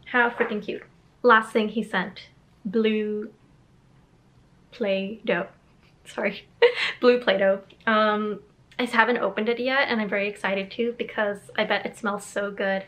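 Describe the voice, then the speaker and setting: A woman's voice: medium pitch, steady tone, measured pace, long pauses, fairly bright tone. A woman who illustrates children's books, chatting casually in a vlog in a bubbly, rambling way, with lots of fillers. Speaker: children's book illustrator vlogging.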